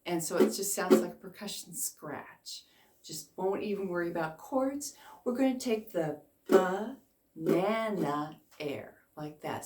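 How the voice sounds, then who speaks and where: Low-voiced, unhurried woman ukulele teacher. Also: animated, darkish tone. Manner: encouraging, counts and chants along slowly. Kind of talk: beginner music lesson. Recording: echoey room, faint noise.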